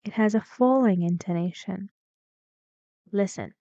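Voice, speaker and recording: A woman teaching English pronunciation, speaking slowly and deliberately and acting out sample sentences with exaggerated rising and falling pitch. Her first language is Persian. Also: warm tone, no room sound, dull audio. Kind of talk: slow, deliberate English lesson.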